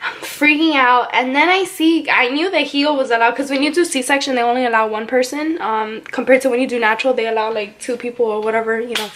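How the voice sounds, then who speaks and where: A young woman vlogger casually telling a story, animated and chatty, full of "like" fillers. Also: a little high, brisk.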